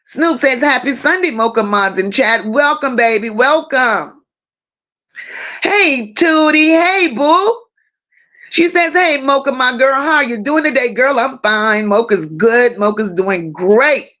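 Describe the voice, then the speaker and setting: Animated yet unhurried, a livestream commentary host with a high, slightly bright voice welcomes her viewers individually, calling them baby, boo, and the like. The casual stream is recorded in dull lo-fi audio.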